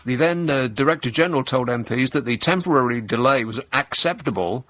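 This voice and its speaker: A middle-aged man, hosting a radio talk show and delivering a sarcastic, deadpan satirical monologue. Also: mid-range voice, fairly quick. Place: radio studio. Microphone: close studio microphone.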